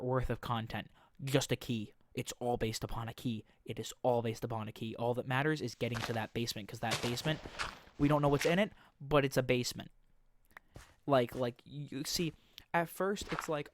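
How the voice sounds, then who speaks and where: Young male gaming vlogger, mid-pitched, rambling and jokey, noisy home recording. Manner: rambling, joking storytelling with quick mock voices. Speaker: gaming YouTuber. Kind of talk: casual game commentary.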